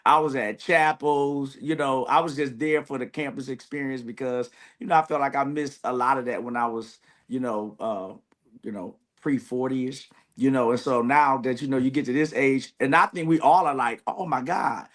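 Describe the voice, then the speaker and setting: A graduating seminary student speaks earnestly and reflectively in conversation, peppering his words with "you know." His mid-range voice is a bit bright and moves at a moderate pace.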